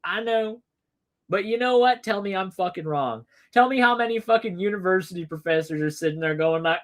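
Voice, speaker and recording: A man's voice: sits high, expressive, normal speed, dull audio. A man hosting a livestream, commenting in a casual, sarcastic and profane way, laughing often and putting on mocking voices. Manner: mocking put-on voices for imagined people. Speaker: livestream host.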